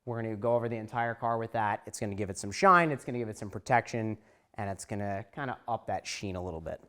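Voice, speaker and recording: A man talking to the camera in a garage, calmly explaining each step of polishing a car. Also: lowish voice, fast talker. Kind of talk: casual how-to talk to camera.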